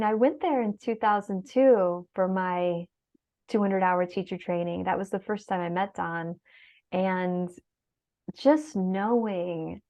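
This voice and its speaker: Here a middle-aged woman with a fairly low, creaky voice is a guest in an emotional interview. She comes across as heartfelt and sometimes tearful, filling her speech with many fillers, on a dull lo-fi recording.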